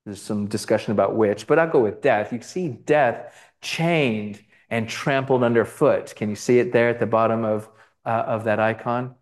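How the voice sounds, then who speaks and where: A Bible teacher with a medium-pitched voice, speaking at normal speed, gives a conversational lecture on gospel icons. It's full of fillers, restarts and asides, and he keeps checking in with "right?".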